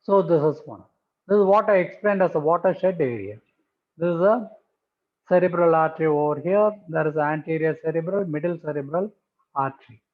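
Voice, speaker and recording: A man's voice: a little high, a little fast. A man giving a methodical pathology lecture over slides, repeating key terms for emphasis. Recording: tinny phone-like audio.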